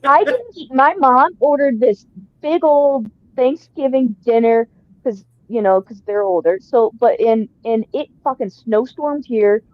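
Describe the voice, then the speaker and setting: Woman, teasing co-host, playful banter, slightly high voice, muffled lo-fi audio. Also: expressive, unhurried. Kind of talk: casual chat. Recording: slightly dull lo-fi sound.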